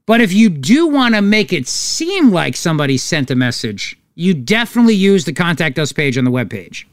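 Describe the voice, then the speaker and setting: A man's voice: on the high side, very animated, normal speed, dry recording, clean studio sound. A man hosting a political talk show, sarcastic and mocking in his commentary. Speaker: talk radio host.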